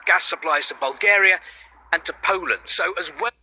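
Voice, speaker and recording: A man's voice: high-pitched, moderate pace, pushed and bright, no room sound, rough recording. A male news editor reporting seriously and analytically for broadcast news.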